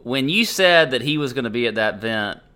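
A man's voice: medium pitch, animated, a little fast, bright, forceful tone. A man co-hosting a podcast in casual chat, dry and teasing as he corrects his partner. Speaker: podcast co-host.

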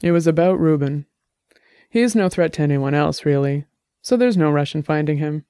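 Man voicing raspy laconic investigator, audiobook, warm, close dry mic. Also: on the high side, animated, normal speed, no room sound, close to an everyday voice. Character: weary, wry male investigator.

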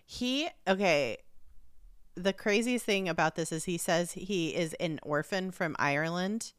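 Low-voiced woman, blunt and relaxed. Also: measured pace, smooth, no room sound, studio quality. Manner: relaxed, blunt, swears casually. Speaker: podcast co-host. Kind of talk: casual chat.

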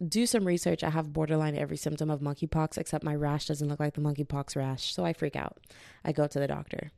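A young woman hosting her own podcast, telling a rambling personal story in a casual, animated way full of tangents. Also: low voice, quick pace, gravelly, no echo, studio quality. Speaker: podcast host.

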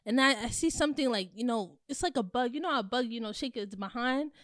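A woman's voice: fairly high pitch, animated, fast, dry recording, studio quality. A young woman, a resident assistant, telling her side of a story in casual podcast chat and acting out her own reactions. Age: young adult.

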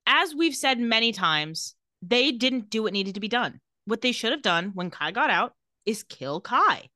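A woman co-hosting a casual TV recap podcast, animated and quick to act out scenes. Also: a little high, no room sound, clean studio sound. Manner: animated, reads out scenes with quick quoted lines. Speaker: podcast co-host.

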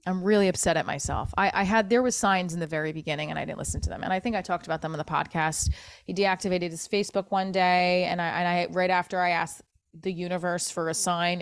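Alone on her podcast, a woman delivers an emotional monologue, upset and self-critical, swearing and restarting her sentences. Her lowish voice is smooth, fairly even in intonation, and fairly quick, with no room sound.

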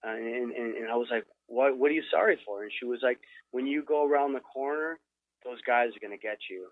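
A man's voice: medium pitch, fairly quick, no room sound, phone-quality sound. A man from Minnesota, a guest filmmaker in a casual podcast chat, telling a story with lots of "like" fillers.

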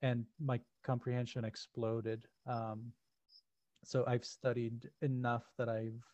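A man's voice: medium pitch, little pitch movement, slow, darkish tone, no echo, dull audio. A man co-hosting a podcast in casual chat, rambling with lots of fillers and restarts. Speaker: podcast co-host.

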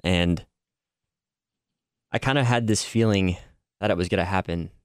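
Podcast co-host, man; very low, smooth voice, halting and thoughtful, dry mic. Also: no echo. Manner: hesitant, restarts, reflective. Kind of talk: casual conversation on a podcast.

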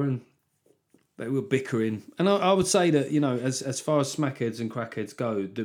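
A male comedian riffing through a podcast monologue. He rambles, swears constantly and stumbles into restarts. His voice sits at an ordinary mid pitch. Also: darkish tone. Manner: rambling, heavily sweary, self-interrupting. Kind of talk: casual comic monologue.

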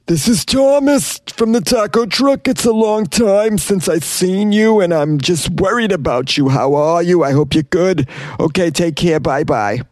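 A man voicing a soft-spoken, worried man from a taco truck leaving a voicemail, slow and gentle. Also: high voice, no room sound, pitched above the performer's own voice. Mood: concerned.

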